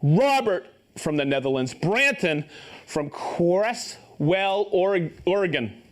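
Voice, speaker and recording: A man's voice: high voice, expressive, takes it slowly. A man hosting a live stream, upbeat and joking as he reads out viewers' names and hometowns and stumbles over some of them. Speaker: host of a live tool show.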